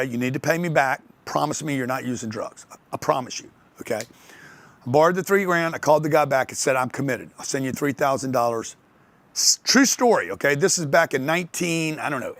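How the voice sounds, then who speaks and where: An older man giving a motivational talk on sales to an audience, telling lively stories and acting out the voices of other people. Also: fairly high pitch. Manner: animated storytelling, acts out others' voices. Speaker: speaker on sales and wealth.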